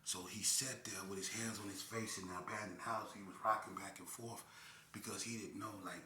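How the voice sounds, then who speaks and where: A man spins a crime story in casual slang, acting out gunshots and blows with vocal sound effects. His voice is very bright and forceful. The recording has a roomy echo. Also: fairly low pitch, steady tone, brisk, a little hiss or hum. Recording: echoey room.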